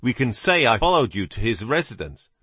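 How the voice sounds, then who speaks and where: A man's voice: mid-range voice, sing-song, brisk, a bit bright, husky, no echo. A man doing a dry, precise British detective. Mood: cool, assured. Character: composed older male actor playing the great detective.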